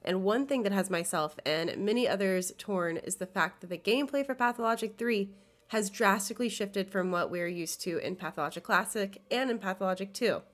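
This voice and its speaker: A young woman hosts a scripted video essay while sick, her voice nasal and congested. She talks fairly quickly in a mid-range voice, earnest and enthusiastic, with an occasional filler.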